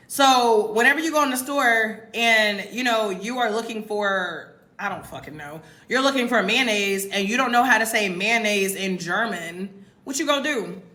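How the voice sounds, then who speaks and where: A woman's voice: medium pitch, pushed and bright. An American woman in her twenties or thirties chatting casually to livestream viewers, emphatic and talking straight to them. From United States. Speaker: expat content creator. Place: home in Mexico. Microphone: phone.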